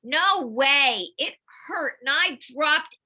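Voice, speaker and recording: A woman voicing a small, upset boy in a storybook she reads aloud, loud and excited. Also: high-pitched, extremely slow, exaggerated voice. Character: small upset boy, timid but wronged.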